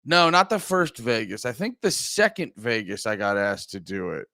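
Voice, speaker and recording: A man's voice: fairly low pitch, lively intonation, normal speed, pushed and bright, dry recording. Male podcast host, groggy, rambling and profane, reads chat aloud, dry close sound. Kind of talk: casual livestream chat.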